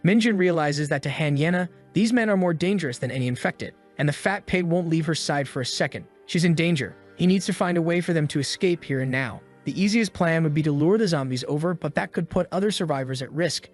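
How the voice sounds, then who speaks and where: A man's voice: on the high side, fairly quick, few pauses. A man narrating a comic story recap, with snarky asides. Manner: snarky and commenting. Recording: faint music behind.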